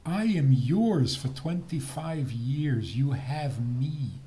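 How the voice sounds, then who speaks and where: An older man, a rabbi, giving a talk on faith and marriage in a teasing, deliberate manner. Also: medium pitch. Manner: lively, teasing, slow deliberate delivery with laughs.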